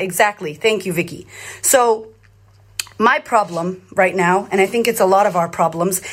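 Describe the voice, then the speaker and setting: A woman's voice: medium pitch, fairly bright tone, breathy edge. A woman in her thirties from Australia, a confidence coach talking live to her followers in a blunt, emphatic way, swearing freely and repeating phrases for emphasis. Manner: repetitive, rallying cadence. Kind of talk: live social media talk to followers.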